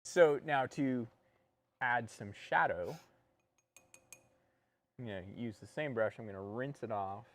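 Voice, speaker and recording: A man co-hosting a painting tutorial, talking through each step in a relaxed, joking way. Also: medium pitch, a little slow, long pauses, dry recording. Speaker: painting instructor and co-host.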